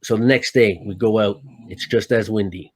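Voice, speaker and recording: A man who works as a stuntman, a guest telling stories in casual, animated talk, swearing often and acting out his own lines. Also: on the low side, normal speed, no room sound. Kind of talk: casual storytelling.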